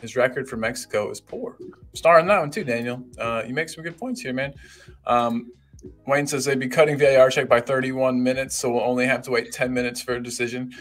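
Upbeat guy cohosting a live podcast, reads comments out loud, faint music under him. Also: mid-range voice, fairly quick. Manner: upbeat, greets viewers by name, lots of "my man". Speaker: podcast co-host. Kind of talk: live-stream chat, reading comments aloud.

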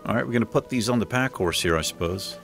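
A man's voice: fairly low pitch, fast, creaky, music in the background. A man casually commenting on his gameplay as host, swearing freely and joking sarcastically. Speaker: gaming host. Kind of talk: let's play commentary.

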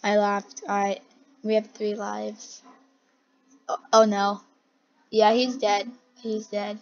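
A young person giggling and gasping while reacting to game clips in a try-not-to-laugh challenge. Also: female voice, medium pitch, flat delivery, slow pace, highs cut off. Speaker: video reactor.

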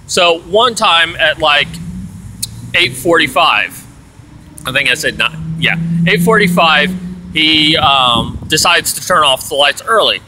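A man's voice: on the high side, lively intonation, slow pace, background noise. A man telling an aggrieved story in a rambling, casual rant, full of "you know"s. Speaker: vlogger.

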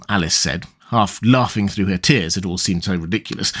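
A man narrating a storybook audiobook in an expressive, storytelling way. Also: on the low side, a little fast, few pauses, husky.

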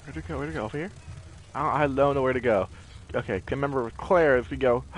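A man commenting on his own gameplay, easily startled and thinking out loud as he plays. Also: medium pitch, brisk. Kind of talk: let's play commentary.

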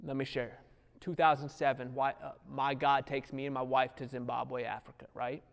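A middle-aged male preacher delivering an impassioned sermon in casual, slangy speech, dropping to a hush and then climbing to near shouts. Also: mid-range voice, level tone, moderate pace, gravelly. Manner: impassioned, swings from hushed to shouting; casual slang, drops words. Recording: long hall reverb.

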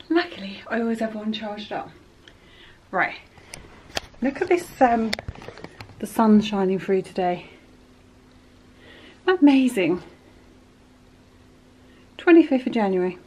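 A woman chatting casually in her home kitchen, filming a homely, rambling vlog. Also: fairly high pitch. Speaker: vlogger. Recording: echoey kitchen, clear background noise.

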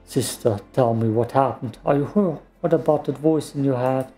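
A man's voice: medium pitch, moderate pace, mellow, soft background music, lightly acted. A man voicing a fond, anxious young brother in a raised, fretful voice. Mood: worried.

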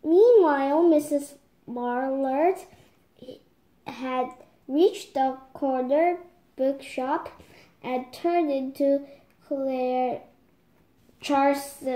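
Little girl reading a storybook out loud, high voice, super slow, echoey room at home. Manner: slow careful reading with stumbles and apologies. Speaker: child reading a picture book aloud.

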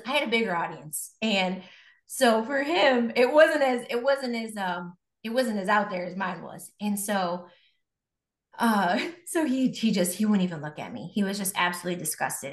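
A woman's voice: medium pitch, fairly bright tone. A woman from Buffalo, New York, giving a candid, emotional faith testimony as a guest, often restarting her sentences. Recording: roomy echo.

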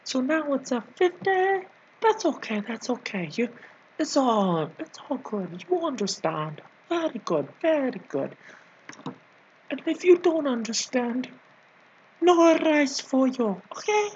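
A man's voice: very high voice, big pitch swings, takes it slowly, muffled recording, a little hiss or hum, full character voice. A man doing a put-on voice for a bossy, scolding comic nanny character, rambling and teasing with sudden whispers. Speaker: video creator. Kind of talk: improvised comedy rant in a put-on voice.

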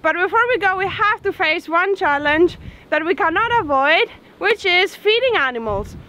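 A woman's voice: very high voice, animated, moderate pace, pushed and bright, rough recording. A woman in her twenties vlogging outdoors on a snowy farm, chatty and upbeat, raising her voice over strong wind. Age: 20s. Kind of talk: casual vlog talk to camera. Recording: wind noise on camera mic. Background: wind noise.

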